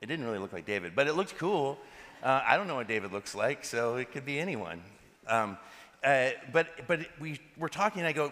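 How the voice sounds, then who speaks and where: A man, a pastor, giving a sermon that is full of lively stories. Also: medium pitch, fairly quick. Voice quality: animated, laughs between anecdotes. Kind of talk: sermon with storytelling. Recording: reverberant hall.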